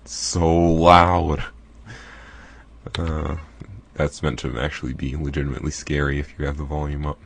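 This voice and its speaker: A man's voice: extremely low pitch, fairly even intonation, measured pace, gravelly, pauses often. A man hosting a let's play, chatting casually and apologetic over the gameplay. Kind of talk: casual game commentary. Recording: faint game music behind.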